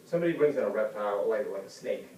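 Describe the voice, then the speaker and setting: A man speaks casually to a class, mimicking the people in his stories with jumps up in pitch. His voice is dark and mellow. It is caught by a camera at the back of an echoey classroom with faint ambience. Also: animated, quick pace, a little hiss or hum. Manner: conversational, acts out quoted people with big pitch jumps. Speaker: student giving a class speech. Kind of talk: informal classroom speech. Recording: roomy classroom heard from a distant camera.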